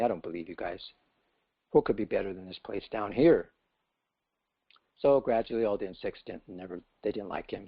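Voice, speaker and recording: Gravelly man telling a story in class. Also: lowish voice, no room sound. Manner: casual, storytelling with many fillers. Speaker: speaker giving a scripture class. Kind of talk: storytelling lecture. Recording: dull lo-fi class recording.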